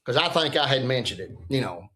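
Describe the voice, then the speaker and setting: A man's voice: mid-range voice, animated, a little fast, pushed and bright. A man in his sixties, a retired football coach, telling a story in a casual chat and acting out what other people said in a folksy way. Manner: folksy, acts out the quotes of others.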